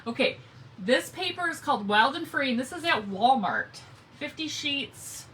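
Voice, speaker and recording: A woman's voice: sits high, lively intonation, moderate pace, a bit bright, recorded from a distance, slight background noise, rough recording. A woman hosting a live craft stream, chatting casually and greeting viewers by name as she works. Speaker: craft livestream host.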